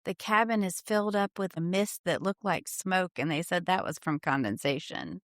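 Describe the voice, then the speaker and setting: Middle-aged woman telling lively anecdotes. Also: fairly low pitch, moderate pace, no echo, clean studio sound. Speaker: podcast co-host. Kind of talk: casual chat.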